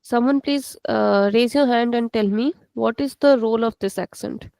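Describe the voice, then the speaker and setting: A woman's voice: on the high side, normal speed, gravelly, warm tone, no room sound. A woman teaching a live online class, patiently explaining and repeating words for her students. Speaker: Portuguese teacher.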